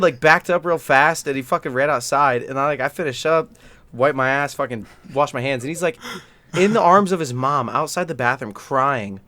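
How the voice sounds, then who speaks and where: A young man hosts a casual podcast over a voice call, telling stories full of swearing and laughter. His voice is bright and forceful. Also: mid-range voice, moderate pace. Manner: profane, laughing storyteller. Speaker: podcast host.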